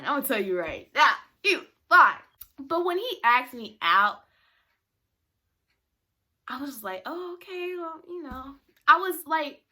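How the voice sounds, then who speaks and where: Bright, chatty young woman vlogger. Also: mid-range voice. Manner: chatty, animated, acts out quoted voices. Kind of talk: storytime vlog.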